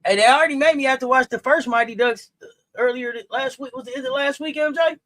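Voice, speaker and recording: A woman's voice: sits high, fast, fairly bright tone. A woman co-hosting a casual sports chat, teasing and playful, breaking into silly sound effects. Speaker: co-host.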